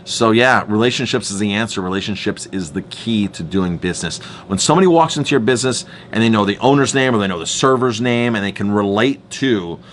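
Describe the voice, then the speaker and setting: Earnest middle-aged chef for a staff training talk, lowish voice, faint background noise. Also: male voice, a little fast, few pauses. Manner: earnest, emphatic, repeats words as he goes. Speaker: chef and restaurant owner.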